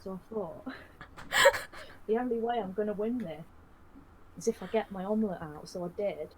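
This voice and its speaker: A woman spins a long, rambling comic tale while streaming a game, deadpan and full of "like" and "you know". Her voice sits at an everyday middle pitch, with a faint hiss of noise behind it. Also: normal speed, poor audio. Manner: rambling, filler-heavy, deadpan. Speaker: live streamer. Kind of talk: comic in-character storytelling.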